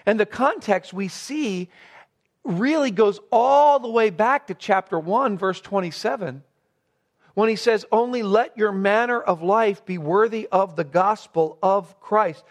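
A man's voice: high voice, measured pace. A man preaching a sermon, earnestly stressing key words and posing rhetorical questions.

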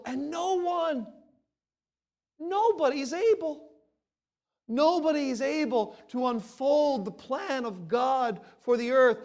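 A pastor in middle age delivers a sermon in a notably high voice for a man. He preaches with drama, rising to loud exclamations and then dropping into low, hushed passages.

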